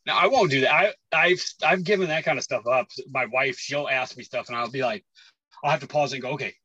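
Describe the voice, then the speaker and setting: A man in his forties trades stories on a podcast. His voice is bright and a little husky, and he keeps acting out what other people said. The recording is dry, with no room sound. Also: medium pitch, fairly quick, no room sound, muffled recording. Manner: animated storyteller, acts out quotes, laughs often. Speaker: podcast guest. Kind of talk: casual chat.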